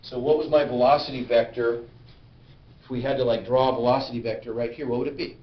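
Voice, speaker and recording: A man's voice: mid-range voice, steady tone, quick pace. A man teaching physics in a classroom, stopping often to ask the class questions and check they follow. He sounds far from the camera, with a roomy echo, a dull muffled tone and a faint hiss underneath. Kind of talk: classroom lecture. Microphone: camera at a distance.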